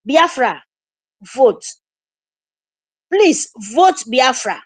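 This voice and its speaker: A Nigerian woman delivers an impassioned address in a high voice that swings widely in pitch. She speaks slowly and insists, repeating herself with urgent pleading. The recording is dry and close. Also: no echo. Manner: emphatic, repetitive, urgent pleading. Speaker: activist commentator.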